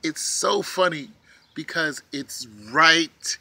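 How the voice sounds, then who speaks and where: Man, young adult, casual vlog rant, porch outdoors, mocking asides, bright voice. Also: on the high side, normal speed, no room sound. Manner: animated, laughing, mocking asides. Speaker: vlogger.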